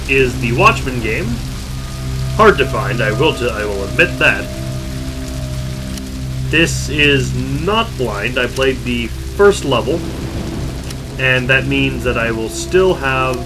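A man hosting a let's play, giving casual, wry commentary over the game. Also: medium pitch. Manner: chatty, wry asides. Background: game music.

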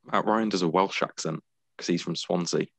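A man's voice: low voice, normal speed, no room sound. A man from the United Kingdom co-hosting a podcast in casual chat, tired and matter-of-fact, teasing his co-host.

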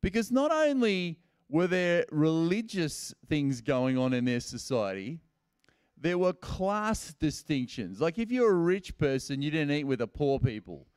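Casual-talking male pastor, clear dry voice. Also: a little high, big pitch swings, a little slow, a little mellow, dry recording. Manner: casual and storytelling, acting out quoted lines in everyday speech. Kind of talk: conversational sermon. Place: church service.

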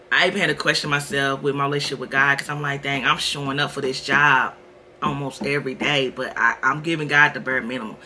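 Woman, 30s, home vlogger; candid and chatty, crisp bright tone. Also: a bass voice, a little hiss or hum. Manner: candid, chatty, addresses viewers as y'all. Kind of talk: casual vlog chat.

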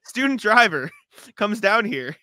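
A man's voice: high voice, sing-song, unhurried, pushed and bright, dry recording. A man co-hosting a casual sports podcast, telling stories animatedly and acting out his own reactions with laughter. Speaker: podcast co-host. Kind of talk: casual chat.

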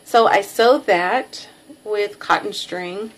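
A woman's voice: mid-range voice, takes it slowly. A middle-aged woman with a Texan drawl casually showing off a craft package, chatty and self-deprecating, with lots of ums. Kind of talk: casual show-and-tell.

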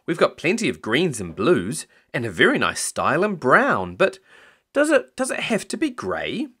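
A man reading aloud, voicing an eager, apologetic young male shop assistant in a high, flustered voice. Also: huge pitch swings, moderate pace, bright, forceful tone, husky, full character voice.

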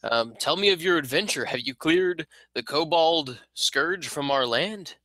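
A man's voice: a little high, expressive, unhurried, sharp tone, dry recording, voice pushed up, exaggerated voice, poor audio. A man voicing a courteous, formal male town lord who speaks politely and hesitantly, with many fillers.

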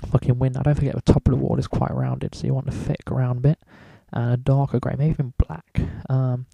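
A man's voice: mid-range voice, flat delivery, a little fast, vocal fry, dark tone, breathy edge, no echo. A man talking casually through a drawing tutorial, rambling and swearing in almost every sentence. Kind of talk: casual screen-recorded tutorial.

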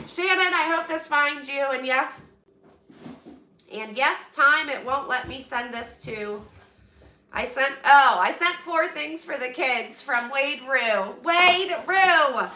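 High-pitched lady gushing and thanking folks on a live stream, sounds kinda far off in an echoey room. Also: sing-song, slow pace, pauses often, bright, forceful tone. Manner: gushing, emotional, thanks viewers often. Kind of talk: casual live-stream chat while unboxing donations. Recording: roomy, far from the mic, noisy.

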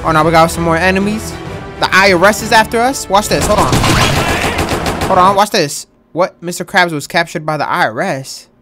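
Excitable gaming host over game music. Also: female voice, on the low side, moderate pace. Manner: loud, excitable, laughing and cursing. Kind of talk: gameplay commentary.

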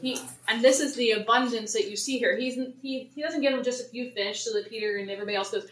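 A woman with a fairly high pitch talks fast while guiding a casual church Bible study. Chatty throughout, she acts out the people in the story, paraphrasing them in lively voices, and the distant mic captures the spacious church hall around her.

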